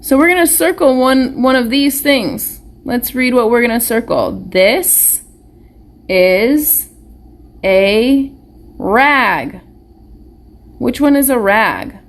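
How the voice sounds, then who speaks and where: A woman's voice: sits high, animated, moderate pace, few pauses. A woman teacher giving a live online phonics lesson to young children, patient and encouraging, asking them question after question.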